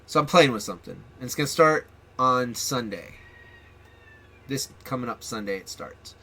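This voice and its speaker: A man's voice: medium pitch, lively intonation, normal speed, bright, forceful tone. A man hosting his own gaming channel, chatting casually and rambling with ums and restarts. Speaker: channel host.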